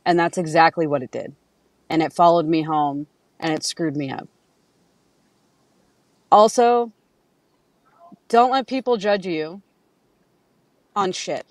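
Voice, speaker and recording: A woman guesting on a podcast talks slowly in a lowish voice, leaving long pauses, with no echo present. The conversation is casual, and she tells frank stories, acting out others' words and swearing freely.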